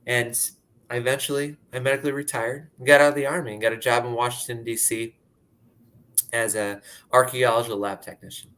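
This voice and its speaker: Man, 30s, from Pennsylvania; candid conversational storyteller, mid-pitched. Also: flat delivery, fairly quick, fairly bright tone. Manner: candid, conversational, uses "like" often. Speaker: speaker sharing his story. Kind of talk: personal storytelling talk.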